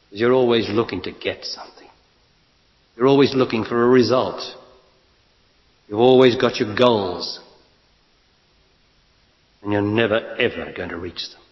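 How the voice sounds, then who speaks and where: A spiritual teacher speaks to an audience in a blunt, emphatic way, posing rhetorical questions. His voice is lowish, his pace measured, with long pauses, and the recording is lo-fi in an echoey hall.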